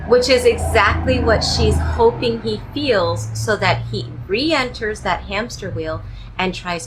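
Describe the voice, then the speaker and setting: A woman relationship coach giving advice straight to the viewer in a measured, emphatic way, leaning on key words. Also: medium pitch, fairly bright tone, slight background noise, poor audio. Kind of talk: direct-to-camera advice talk.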